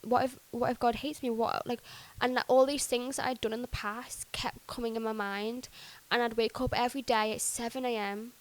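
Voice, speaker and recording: A young woman with a fairly high, flat voice tells her faith testimony as a podcast guest at a normal speed. She's chatty, uses "like" as a frequent filler, and acts out what she once said. The recording is low quality.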